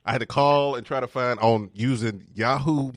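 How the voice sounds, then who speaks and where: A man's voice: mid-range voice, normal speed, no echo, clean studio sound. A man hosting a casual chat show, flirty and playful, laughing often and teasing his guest. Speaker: host. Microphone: studio mic with headphones.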